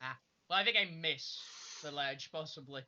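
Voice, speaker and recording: Lively, bright woman player, giggly, muffled recording. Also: deep voice, moderate pace. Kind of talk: casual tabletop play. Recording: dull lo-fi sound.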